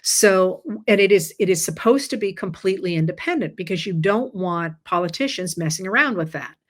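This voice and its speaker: A woman with a fairly low voice hosts a relaxed explainer chat. She sounds tired and walks through each point patiently and conversationally. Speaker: host.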